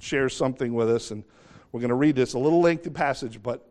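A man's voice: medium pitch, fast, a little mellow. A middle-aged man preaching a sermon, earnest and emphatic, reading scripture and asking his congregation questions.

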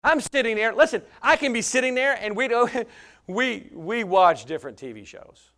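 A man with a high voice preaches a sermon, his delivery swinging between loud, emphatic bursts and quiet asides. His talk is folksy and plain-spoken, with touches of humor. He comes across as middle-aged. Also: animated, normal speed. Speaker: pastor.

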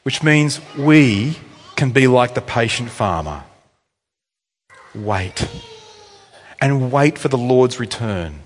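A man's voice: medium pitch, expressive, takes it slowly, pauses often. A man preaching a sermon as pastor, conversational with wry asides and emphatic repetition. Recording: long hall reverb.

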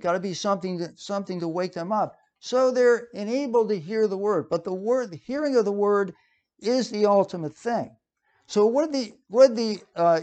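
Conversational man preaching a sermon. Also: high voice. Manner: conversational, lively, with frequent fillers and restarts.

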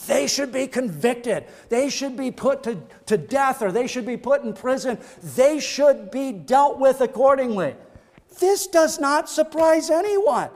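High-voiced man preaching in a reverberant hall. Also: animated, unhurried, a little mellow. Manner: fervent preaching with repeated phrases and rising emphasis. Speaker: pastor. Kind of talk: sermon. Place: church sanctuary. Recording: long reverb of a church hall.

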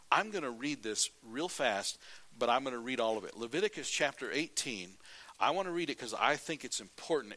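A man preaching a sermon as pastor, telling stories in a lively way and reading scripture aloud. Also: medium pitch. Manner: animated storytelling, then plain scripture reading.

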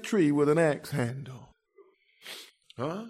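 A male preacher delivering an impassioned sermon, swinging from quiet murmurs to loud shouts, throwing in rhetorical "huh?" asides and calling listeners "friend". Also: on the high side, lively intonation, unhurried.

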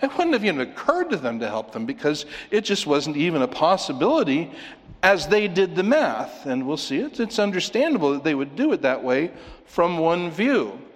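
A man preaching from the pulpit with a slightly raised voice, pressing his points and asking his listeners questions. His words ring out with a long reverb through a church hall. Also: a little high. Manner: emphatic, asks the congregation questions. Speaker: pastor. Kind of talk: expository sermon.

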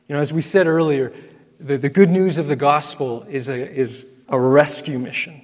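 A man's voice: on the high side, fairly even intonation, normal speed, in a large hall. A man preaching a sermon as pastor, earnest and emphatic, repeating key phrases and calling his listeners friends.

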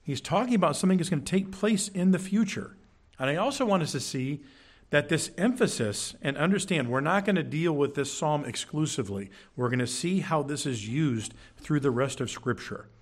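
A man preaching in a church, teaching from scripture with emphatic, animated delivery and frequent check-ins with the congregation. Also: a little high, normal speed. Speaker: pastor. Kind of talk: sermon. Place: church sanctuary.

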